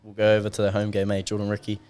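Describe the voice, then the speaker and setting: A man's voice: fairly low pitch, very fast, smooth. A young man telling stories in a casual podcast chat, rambling and slangy, throwing in "bro" a lot. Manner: relaxed, rambling storyteller, slangy, calls people "bro".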